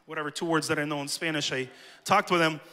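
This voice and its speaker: Male pastor, sermon storyteller, high voice, long hall reverb. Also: fairly even intonation, quick pace, pushed and bright. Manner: personal storytelling, addresses the church directly. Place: church sanctuary.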